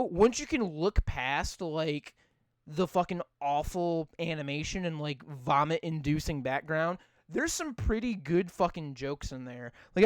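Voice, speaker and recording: A young man with a high, clear voice rambles through a podcast chat, swearing freely and packing his talk with "like." The sound is dry and close to the mic. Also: dry recording. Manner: rambling, swears a lot, many "like" fillers. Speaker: podcast co-host. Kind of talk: casual profane chat.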